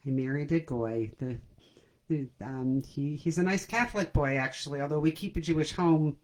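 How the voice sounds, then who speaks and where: A woman with a deep, slightly mellow voice hosts a comedy livestream from home at a normal pace. She chats casually with viewers, mocks herself and laughs at her own jokes, and the computer camera mic gives poor audio.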